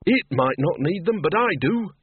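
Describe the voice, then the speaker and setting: A man's voice: fairly high pitch, lively intonation, normal speed, breathy edge, dry recording, voice pushed up. A man voicing a pompous, sneering old wizard who talks sulkily. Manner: sneering, sulky. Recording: tinny phone-like dry audio.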